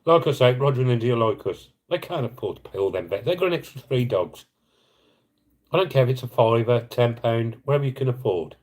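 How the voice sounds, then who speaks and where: A man's voice: mid-range voice, expressive, fairly quick, darkish tone, low-quality recording. A middle-aged man on a casual live stream, earnestly and emotionally appealing for donations, rambling and apologising as he reads comments.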